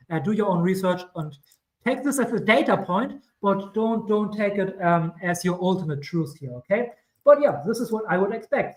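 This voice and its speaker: A man's voice: high voice, echoey room, rough recording. A man with a German accent giving casual crypto chart commentary, rambling and correcting himself with chatty asides. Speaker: crypto streamer.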